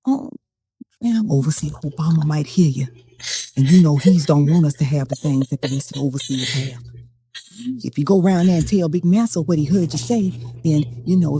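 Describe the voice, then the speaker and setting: A woman's voice: low voice, brisk, dark tone, lightly acted. A woman playing a sly old drawling Southern gossip. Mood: gossipy. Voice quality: thick drawl, folksy dialect. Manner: chiding, sly, mock-cautious. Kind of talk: comedy sketch.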